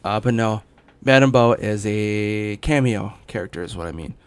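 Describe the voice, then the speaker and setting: A young man with a lowish, smooth voice and a moderate pace chats casually as a gaming streamer from his home in Los Angeles. He rambles with plenty of fillers and restarts, and hiccups as he talks.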